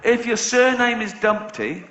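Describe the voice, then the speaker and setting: A man's voice: very high voice, lively intonation, measured pace, a bit bright, slight background noise. A man with an English accent doing a stand-up comedy set, telling stories, acting out other people's voices and breaking into laughter. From England. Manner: storytelling with acted-out voices and bursts of laughter. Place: large theatre stage before a live audience. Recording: roomy, muffled live concert recording. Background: audience laughter.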